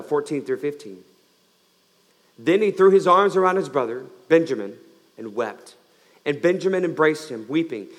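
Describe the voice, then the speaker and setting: A male pastor giving a sermon, swinging between loud emphatic lines and quiet, slowed-down ones. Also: on the high side, big-room sound.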